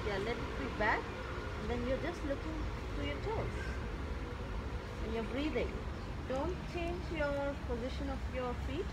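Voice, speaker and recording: A woman yoga instructor leading a mother-and-child yoga class, giving slow, gentle step-by-step instructions. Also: high voice, heavy background noise.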